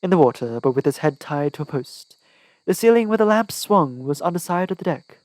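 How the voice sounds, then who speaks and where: A man's voice: a little high, lively intonation, fairly quick, darkish tone, no echo, poor audio. A man narrating an audiobook in the first person with a dramatic, tense delivery. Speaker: audiobook reader.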